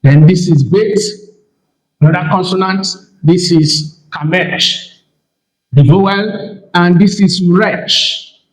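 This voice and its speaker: Slow, high-voiced man teaching in an echoey room. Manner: deliberate, repeats key terms, pauses between phrases. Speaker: pastor teaching Hebrew. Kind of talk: slow classroom lecture.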